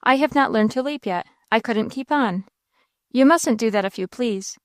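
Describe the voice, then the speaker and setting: A woman's voice: on the high side, moderate pace, no room sound, clean studio sound, close to an everyday voice. A woman voicing a frightened young girl pleading. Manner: earnest, pleading.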